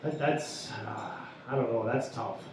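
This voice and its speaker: A man's voice: mid-range voice, a little slow. A man co-hosting a radio show, chatting in a hesitant, wry way in a pub. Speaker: co-host. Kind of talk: casual pub banter. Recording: echoey pub from far off.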